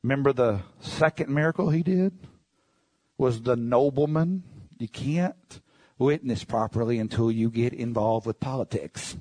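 A man preaching a sermon and telling his own testimony, animated, now and then bursting into shouts. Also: medium pitch, unhurried, slightly rough, no room sound.

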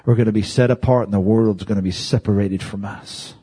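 A man preaching a sermon, impassioned, climbing loud and then dropping to hushed, whispered lines. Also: lowish voice, steady tone, fairly quick, slightly rough.

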